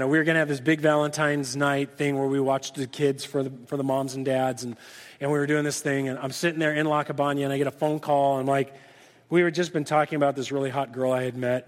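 A middle-aged male pastor preaching a sermon, acting out lively back-and-forth dialogues with God. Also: medium pitch. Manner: animated, acts out dialogue with God in different voices. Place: church sanctuary. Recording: reverberant church hall.

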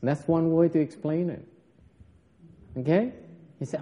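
Animated man teaching in an echoing hall. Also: high-pitched, a little slow, long pauses. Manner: animated, teasing, acts out dialogue. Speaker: Buddhist teacher. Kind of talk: dharma lecture with students. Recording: dull lo-fi recording in a reverberant hall.

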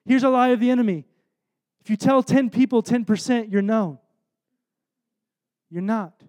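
A man's voice: extremely high pitch, moderate pace, darkish tone. A young man preaching a sermon in an earnest, conversational way, telling an emotional personal story. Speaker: worship leader preaching.

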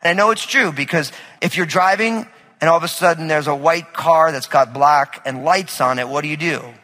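A man's voice: fairly high pitch, normal speed, bright, forceful tone, long reverb tail, poor audio. A male pastor giving a sermon in a conversational style, often asking the congregation questions. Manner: conversational, asks the audience questions.

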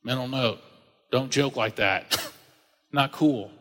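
Animated male pastor in a reverberant hall. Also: mid-range voice, slow pace. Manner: animated storytelling, acts out quoted voices. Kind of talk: casual sermon.

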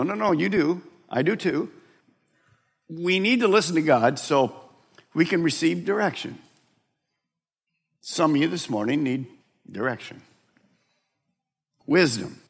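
A middle-aged man preaching a sermon as a pastor, swinging between hushed asides and shouted emphasis. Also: mid-range voice, very animated, measured pace, pauses often, slightly rough. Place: large church hall. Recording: long hall reverb.

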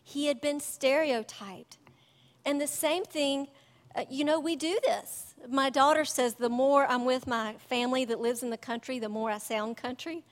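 A woman teaching a sermon, chatty and animated, laughing often between points. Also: high voice, normal speed. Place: church hall. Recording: long church reverb.

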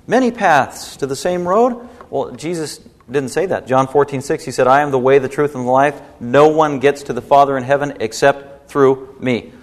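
A man preaching a sermon as pastor, emphatic and rising in pitch when stirred. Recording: long hall reverb.

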